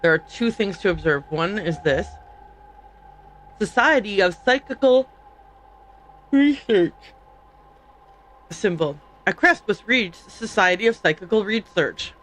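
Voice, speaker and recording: A woman's voice: lowish voice, normal speed, few pauses, fairly bright tone, slight background noise, rough recording. A woman streamer giving casual, jokey commentary while reading on-screen game text aloud.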